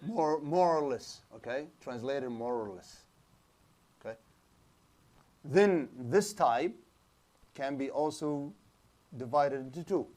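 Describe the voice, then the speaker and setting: This man lectures to a class in a halting, repetitive way, often restarting his sentences. He drops Arabic terms into his English explanation, and his voice sits at an ordinary middle pitch for a man. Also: a little mellow. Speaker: Islamic studies teacher. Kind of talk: classroom lecture with student questions.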